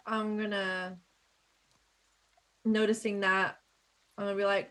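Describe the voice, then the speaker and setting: A woman's voice: mid-range voice, little pitch movement, takes it slowly, a bit bright. A woman playing a tabletop game, chatty and thinking aloud as she plans her moves and reads out her rolls. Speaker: player. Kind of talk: casual tabletop play.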